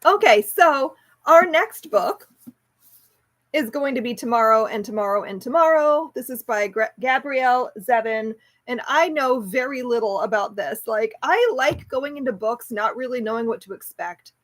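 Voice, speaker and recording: A woman's voice: fairly high pitch, lively intonation, normal speed. A woman hosting a casual book club chat, rambling and enthusiastic, laughing easily and restarting her sentences often. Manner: chatty and rambling, with many restarts and fillers. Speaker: homeschool book club host.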